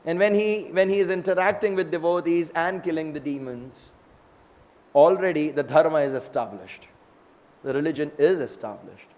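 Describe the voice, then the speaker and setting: A man giving a lively scripture class, telling stories and acting out the dialogue. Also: fairly high pitch, normal speed. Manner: animated, acts out dialogue in the stories. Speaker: scripture lecturer. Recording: long hall reverb.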